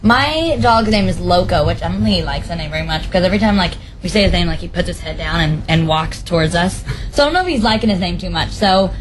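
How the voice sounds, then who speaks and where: A woman's voice: on the low side, expressive, quick pace, slight background noise, poor audio. A young woman talking as a guest on a call-in show, chatty and bubbly, with many casual fillers. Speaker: guest answering callers. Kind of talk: casual chat.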